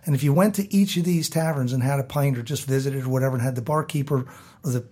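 A middle-aged American man from Baltimore, telling a lively story as an interview guest and acting out the people he quotes. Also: medium pitch, quick pace. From South Baltimore, USA. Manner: animated storyteller who acts out quoted voices.

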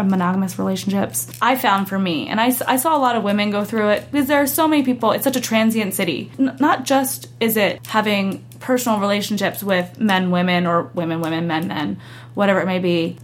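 A young adult woman chatting as an interview guest, animated, acting out quoted voices as she tells her story. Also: medium pitch, a little hiss or hum. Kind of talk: casual interview chat.

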